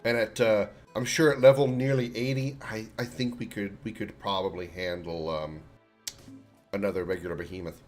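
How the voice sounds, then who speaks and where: A man's voice: lowish voice, fairly even intonation, normal speed. A man streaming a video game, chatting casually and joking, with lots of fillers and restarts. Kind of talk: casual gameplay commentary. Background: faint game music.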